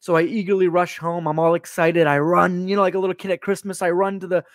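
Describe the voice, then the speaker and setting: A man with a high voice rants on a live stream, swearing freely and talking in animated bursts. The sound is dry and close. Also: fast, no echo. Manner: profane, animated ranting.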